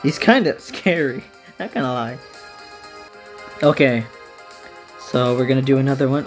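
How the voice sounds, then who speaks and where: A woman's voice: extremely low pitch, slow pace, pauses often, soft background music, low-quality recording. A woman hosting a gaming video, giving casual commentary on her game pulls in an anxious, pleading, dramatic way.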